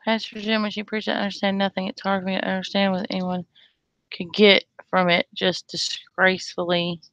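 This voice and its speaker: A woman's voice: mid-range voice, flat delivery, fairly quick, fairly bright tone, no echo, lo-fi sound. Woman, casual livestream host, blunt, sarcastic, chatty.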